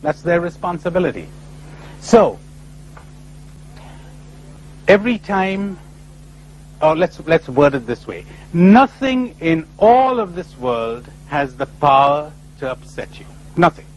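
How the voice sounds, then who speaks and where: A man giving a spiritual talk to a live audience, animated and full of rhetorical questions, often acting out other people's replies. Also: on the high side, slow pace, pauses often, a little hiss or hum, poor audio. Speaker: spiritual speaker. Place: lecture before a live audience.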